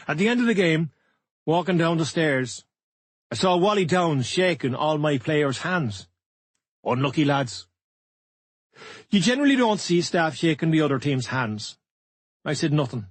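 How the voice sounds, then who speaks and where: A man's voice: fairly high pitch, slightly rough, no room sound. A man narrating a first-person memoir audiobook in a blunt, matter-of-fact way.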